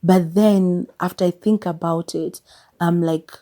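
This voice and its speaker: A Kenyan woman in her thirties reflects on her life in a podcast monologue. Her voice sits a little low and sounds warm and soft rather than bright. She speaks candidly, mixing in Swahili phrases, and now and then pushes her point with exasperated emphasis. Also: fairly even intonation, unhurried. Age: 30s. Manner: mixes English with Swahili phrases. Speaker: podcast host.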